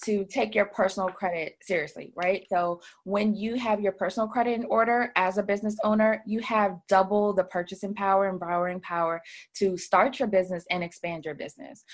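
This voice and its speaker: A woman who runs a credit repair business, chatting as an interview guest and telling her story with many fillers. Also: medium pitch. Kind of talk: casual interview talk.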